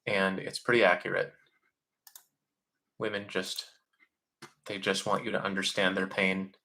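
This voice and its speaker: Bright-voiced opinionated man. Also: sits low, level tone, unhurried, gravelly. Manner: opinionated, mocking voices in quotes, frequent fillers. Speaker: livestream host answering chat questions. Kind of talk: casual live Q&A monologue.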